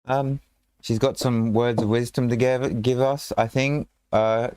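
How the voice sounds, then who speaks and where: A man's voice: mid-range voice, fairly even intonation, measured pace, darkish tone, clear, resonant tone, no room sound. A man hosting a live stream in a casual, joking way, rambling and breaking off mid-thought. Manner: rambling, joking, self-interrupting. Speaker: stream host. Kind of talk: casual chat.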